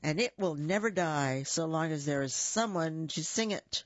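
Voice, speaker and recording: A reader voicing a brave, cheerful rooster in a storybook read-aloud, speaking with plain, steady defiance. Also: mid-range voice, normal speed, no echo, lightly acted. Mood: cheerful resolve. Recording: dull lo-fi recording.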